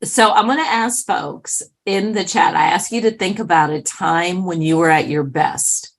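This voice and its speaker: Woman author, animated storyteller, husky lower voice, conversational. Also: normal speed. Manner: lively, animated storyteller with asides. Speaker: author and keynote speaker.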